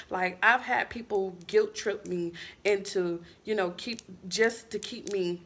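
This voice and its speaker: A woman vlogger talks casually and bluntly to the camera, candid and full of fillers, swearing frankly. Her medium-pitched, slightly bright voice is unhurried with fairly even intonation and few pauses.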